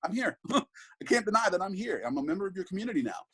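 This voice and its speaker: A man's voice: sits high, very animated, racing, pushed and bright, husky, rough recording. A man in his thirties, a father, talking earnestly in an interview, reflective and full of restarts and asides. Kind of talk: conversational interview.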